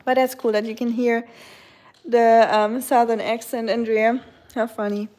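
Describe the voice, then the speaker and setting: Woman, German accent, mellow tone, rambling livestream chat, at home. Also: on the high side, level tone. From Germany, near the French border. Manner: chatty and rambling, often pausing on "um", breaking off to soothe her dog. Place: at home with her dog.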